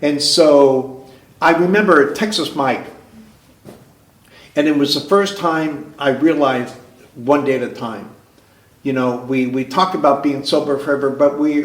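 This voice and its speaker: A man sharing his personal recovery story at a meeting, earnest and halting, often restarting his sentences. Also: medium pitch. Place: recovery club meeting room. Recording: roomy club meeting hall.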